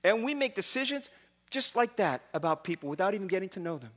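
Male pastor, animated sermon delivery, high and bright tone. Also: fast. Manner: animated storytelling with casual asides.

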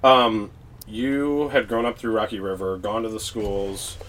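A man hosting a podcast, gently prompting his guest with casual questions and frequent "right?" check-ins. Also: lowish voice, steady tone, unhurried, a crowd in the background, low-quality recording. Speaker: podcast host. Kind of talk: interviewing a guest.

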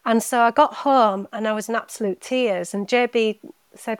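A woman guest on a podcast, telling a personal story in a heartfelt, halting way, often repeating words. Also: on the high side, steady tone, clean tone, no echo. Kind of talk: emotional personal story in casual chat.

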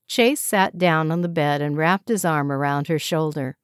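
A woman narrating a novel aloud in a measured, even way. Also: low-pitched, clear, resonant tone, dry recording, clean studio sound. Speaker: audiobook narrator. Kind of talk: scripted narration.

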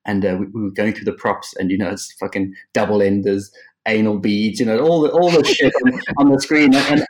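A man's voice: fairly low pitch, fairly even intonation, brisk. Laughing, swearing storyteller man. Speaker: guest, art director. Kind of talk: casual podcast interview chat.

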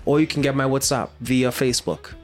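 A man's voice: medium pitch, fairly even intonation, brisk, faint music behind. A man co-hosting a casual podcast, joking around with playful announcer-style sign-offs. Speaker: podcast co-host. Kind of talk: casual chat.

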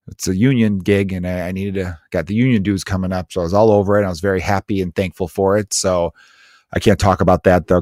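A man who is a comedian hosting his own podcast, telling stories in an animated, profane way with frequent laughter. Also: fairly low pitch, no room sound, clean studio sound. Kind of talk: casual comedic podcast monologue.

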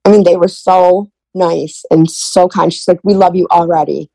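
A woman's voice: lowish voice, steady tone, moderate pace, creaky, dark tone, husky, dry recording, low-quality recording. A middle-aged woman telling her family story in an interview, retelling conversations in quoted dialogue. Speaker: guest.

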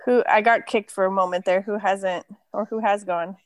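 A woman's voice: medium pitch, steady tone, moderate pace, dry recording. A woman with a mid-range voice joins an online voice chat, enthusing about a film after a few hesitant starts. Her sound is close and dry. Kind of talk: casual chat, movie review. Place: online voice call.

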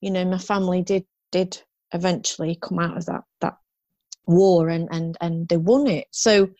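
A woman's voice: on the low side, fairly even intonation, normal speed, dark tone, no room sound, highs cut off. A woman in her fifties, a guest in an interview, telling her story frankly and ramblingly, with restarts and rueful laughs.

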